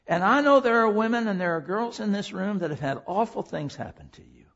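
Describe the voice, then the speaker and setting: A high, husky male preacher with a wildly swinging, highly animated voice. He shifts from loud, pleading passion down to near-whispers. The recording sounds dull and lo-fi. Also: normal speed, hardly any pauses. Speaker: preacher and teacher. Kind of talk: sermon with a personal story.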